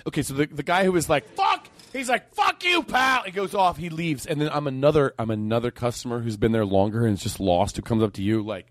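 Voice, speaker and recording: A man guesting on a comedy podcast, quick and playful as he sets up improvised characters. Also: medium pitch, fairly even intonation, dry recording.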